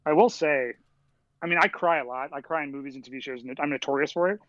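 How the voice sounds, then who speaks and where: A young man co-hosting a casual chat, telling stories in an animated, profane way. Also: on the high side, no room sound, lo-fi sound. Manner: fast, animated, profane storyteller. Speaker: podcast co-host.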